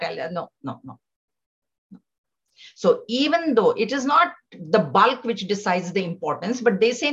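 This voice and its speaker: A woman teaching scripture to a class, patiently explaining, repeating phrases and chanting some of them slowly. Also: medium pitch. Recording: dull lo-fi sound.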